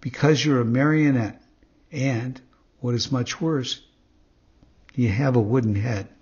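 A man voicing a wise, calm old male cricket who lectures, in a husky voice, on a dull recording. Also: mid-range voice, a little slow. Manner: calm, preachy.

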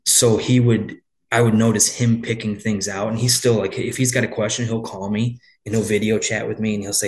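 A man's voice: on the low side, little pitch movement, a little fast. A man who owns a landscaping business, telling stories in a casual interview, with lots of restarts and quoted back-and-forth. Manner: rambling, frequent restarts, storytelling with quoted dialogue.

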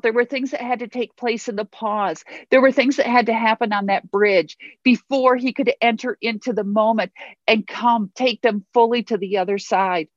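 A woman's voice: fairly high pitch, no room sound, muffled recording. A woman pastor preaching a sermon in an earnest way, repeating phrases for emphasis.

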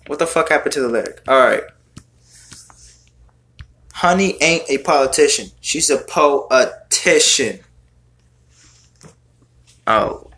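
A man reacts to song lyrics in loose, casual commentary. He sounds exasperated and swears freely as he mocks each line. His voice has a bright, forceful edge, and he talks at an unhurried, drawn-out pace. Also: medium pitch.

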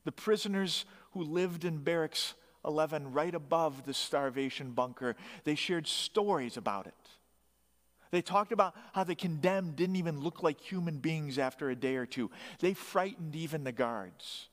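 A man's voice: on the high side, moderate pace, long reverb tail. A man narrating a story dramatically, swelling his emphasis on key phrases.

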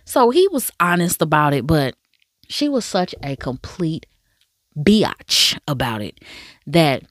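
Animated woman reviewing a drama. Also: deep voice, takes it slowly, no room sound, studio quality. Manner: animated, slangy storytelling with many asides. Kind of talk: casual chat reviewing a drama.

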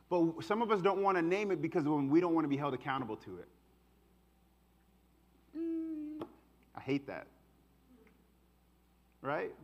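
A man preaching a conversational sermon, swinging between hushed asides and emphatic lines. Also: high-pitched, lo-fi sound. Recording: long hall reverb.

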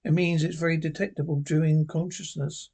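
A man's voice: on the high side, level tone, brisk, darkish tone, husky, poor audio. A man reading the part of a fussy, kindly male professor, hesitant and restarting. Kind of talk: reading a script aloud.

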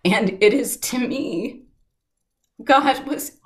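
Interviewed about her own experiences, a middle-aged woman whose voice runs on the high side speaks with sincerity and warmth of feeling. She slows down as the story reaches its emotional moments.

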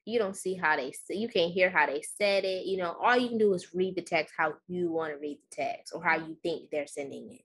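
A woman's voice: lowish voice, brisk, hardly any pauses, a bit bright, slightly rough. A woman co-hosting a casual podcast from home, a bit weak after being sick, talking in a laid-back way with fillers. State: recovering from illness, a bit weak. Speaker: podcast co-host. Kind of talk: casual chat. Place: at home, separate room.

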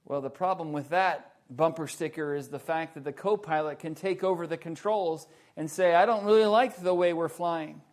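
Slightly high-pitched guy preaching a sermon, drawn out and emphatic, loud bits then hushed. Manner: emphatic, swings from loud stresses to hushed low lines; slow and deliberate, drawn-out key words.

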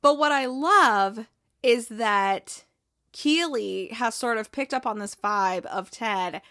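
Rambly woman going over an episode, kinda high voice, dry room, lots of likes. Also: takes it slowly, fairly bright tone, no echo. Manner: rambling, chatty, full of "like" and asides. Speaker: TV recap host. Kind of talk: casual episode recap.

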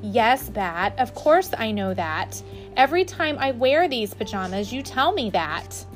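A woman's voice: fairly high pitch, sing-song, a little slow, soft background music. A woman voicing an exasperated older sister while reading a storybook aloud.

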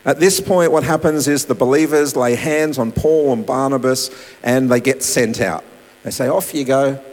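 A man preaching a sermon, swinging between raised emphasis and soft, quiet asides. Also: medium pitch, moderate pace. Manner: dynamic preaching, voice rising and dropping to soft asides. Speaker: pastor. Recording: long hall reverb with mains hum.

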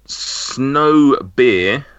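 Guy running a pub-style quiz on a podcast, bright voice, kinda dull lo-fi sound. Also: medium pitch, lively intonation, drawn-out words, smooth, no echo. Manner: jokey, reads out answers with fillers. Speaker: quizmaster host. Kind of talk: casual podcast chat. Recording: dull lo-fi mic.

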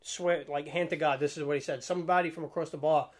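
Fast-talking New guy spinning a story. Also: fairly high pitch, steady tone. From Staten Island, New York. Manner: rambling, slangy, laughs while telling. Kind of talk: casual storytelling chat.

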